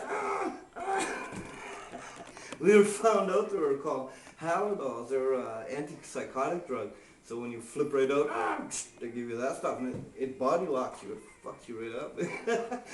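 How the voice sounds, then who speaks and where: A man's voice: on the high side, darkish tone. A man telling a personal story in a casual, rambling way, swearing often and dropping "man" into nearly every line. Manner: profane, rambling, fills lines with "man". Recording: echoey room, distant from the mic, faint hiss.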